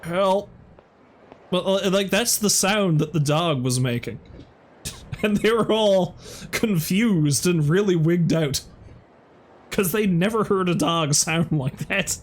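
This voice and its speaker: A man's voice: high-pitched, slow. A man streaming a game who tells a rambling story in a laid-back way and swears casually. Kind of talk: casual storytelling while gaming.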